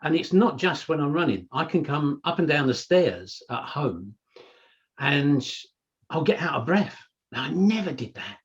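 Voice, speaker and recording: A man's voice: fairly high pitch, big pitch swings, measured pace. Chatty man, muffled call audio. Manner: chatty, anecdotal, frequent "you know". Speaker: podcast co-host. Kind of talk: casual chat.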